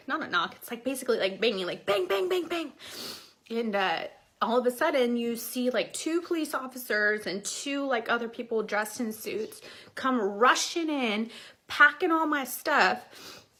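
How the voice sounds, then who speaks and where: A woman's voice: fairly high pitch, bright, forceful tone. Chatty woman rambling through her story. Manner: rambling, many "like" fillers and restarts. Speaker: vlogger telling her life story. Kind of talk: casual storytelling.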